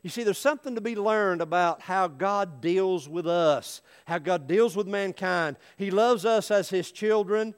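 A man's voice: high voice, a little slow, hardly any pauses, clean tone, big-room sound. A male pastor preaching a sermon in an earnest, folksy way, telling stories. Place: church.

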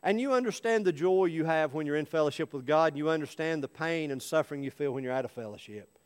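A man's voice: on the high side, expressive, fast talker, smooth, big-room sound. A male pastor preaching a sermon in an earnest, folksy way, telling stories. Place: church.

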